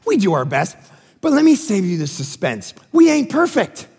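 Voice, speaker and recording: A male pastor preaching a sermon in a church, energetic and joking, swinging between loud emphatic lines and quiet ones. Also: sits high, moderate pace, creaky, slightly rough, in a large hall.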